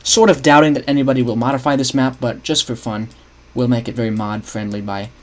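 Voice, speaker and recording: A young man on a livestream casually narrates scripting his game map, thinking aloud, starting over frequently, and chatting with viewers. He speaks fairly quickly at medium pitch with fairly even intonation, over slight background noise.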